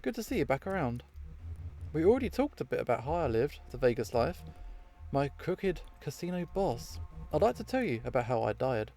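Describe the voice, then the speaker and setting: A man's voice: medium pitch, sing-song, moderate pace, creaky, dark tone, faint music behind. Vera, a man reading a blunt noir casino woman. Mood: dry. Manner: dry, clipped noir storytelling. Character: hard-boiled 1950s casino woman, smoky and blunt.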